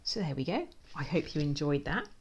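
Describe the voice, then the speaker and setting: A woman's voice: sits low, big pitch swings, brisk, background noise. A woman and children's author reading her picture book aloud, playful and dramatic, with whispered asides and sound effects.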